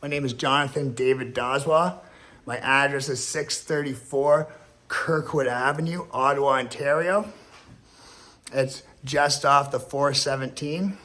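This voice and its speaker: A vlogger delivers a rambling, emotional rant alone to camera, swearing often and repeating himself. His medium-pitched voice is steady yet bright and forceful, at a measured pace.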